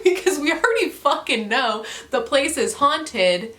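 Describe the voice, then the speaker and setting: A woman's voice: high voice, lively intonation, a little slow, few pauses, a bit bright, a little hiss or hum. A young woman in a casual book review chat, ranting with frequent swearing and laughter. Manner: profane, ranting, laughs often.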